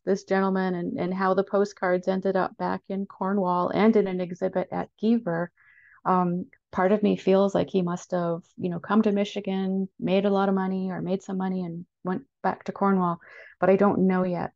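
A woman's voice: lowish voice, gravelly, darkish tone, no room sound, lo-fi sound. A woman from a national park giving a seminar talk over slides, hesitant, with many ums and restarts.

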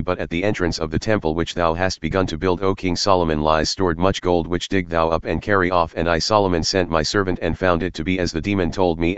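A man reading an ancient text aloud in a solemn, steady, archaic manner. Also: sits low, clean tone, no room sound, dull audio. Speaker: narrator.

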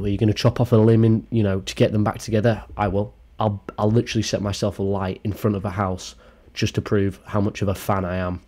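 A man's voice: lowish voice, mellow. A young man doing a comedic gossip rant as a YouTube commentator, sarcastic and crude with mock-dramatic outbursts.

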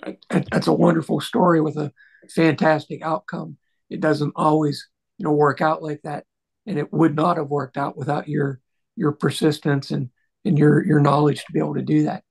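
A man hosting a podcast, answering a guest's story in a steady, measured way. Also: a little high, creaky, slightly rough. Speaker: podcast host. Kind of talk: interview reply.

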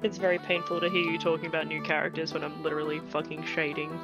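An Australian woman with a lowish voice, trading teasing jokes with her friends. The recording sounds dull and lo-fi, with faint music behind her. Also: flat delivery, fast. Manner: teasing, joking. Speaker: player on the podcast. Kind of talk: casual chat.

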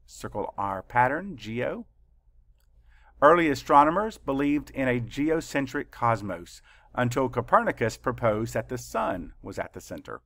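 A man teaching a spelling lesson to schoolchildren, speaking very slowly and carefully as he calls out words and spells them letter by letter. His medium-pitched voice sits close to the mic in a dry space with no room echo. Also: expressive, a bit bright. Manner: slow, deliberate letter-by-letter dictation.

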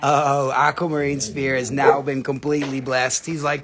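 High, gravelly-voiced man hosting a live sale. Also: normal speed, few pauses, a bit bright. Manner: joking, rambling, playful. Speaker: host of a live mineral sales stream. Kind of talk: casual live selling banter.

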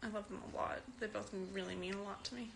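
A woman's voice: medium pitch, fairly even intonation, fast, gravelly, a bit bright, a little hiss or hum. A fourteen-year-old girl from Canada, giggling and chatting as she reads out and answers fans' questions on a phone live stream. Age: teen.

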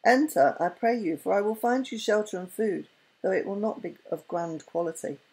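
A woman's voice: medium pitch, moderate pace, a little mellow, breathy edge, poor audio. A woman reading a humble old merchant. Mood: humble courteous. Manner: courteous, humble.

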